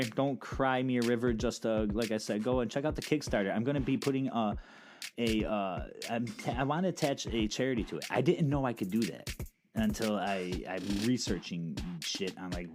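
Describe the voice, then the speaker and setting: A man's voice: medium pitch, lively intonation, brisk. A middle-aged man hosting his own podcast, talking in a casual, rambling monologue full of fillers, restarts and swearing. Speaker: podcast host. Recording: music playing behind.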